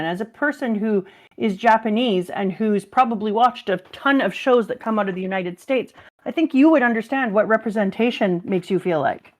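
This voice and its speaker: A woman's voice: a little high, moderate pace. A woman co-hosting a live stream, chatting casually and animatedly, laughing often and acting out quotes. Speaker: stream co-host. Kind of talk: casual chat.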